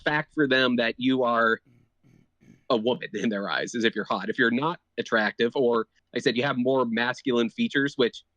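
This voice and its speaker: A man's voice: medium pitch, steady tone, normal speed, a bit bright, no room sound, dull audio. Argumentative man in a dry, close sound. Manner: argumentative, laying out points with many "like" fillers. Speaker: podcast co-host. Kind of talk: casual sports podcast chat.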